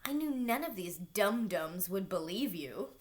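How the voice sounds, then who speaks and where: A woman's voice: medium pitch, lively intonation, a little slow, a little hiss or hum, close to an everyday voice. A woman voicing a sly female goop monster that shapeshifts, talking in a sugary, mocking way, for a read-aloud storybook.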